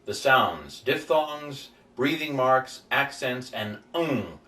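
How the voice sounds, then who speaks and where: A man tutoring in an informal recorded lesson, folksy, with playful asides, sounding syllables out slowly. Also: medium pitch, animated, pushed and bright, breathy edge. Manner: folksy, explains with playful asides and repeated examples. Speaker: Greek tutor.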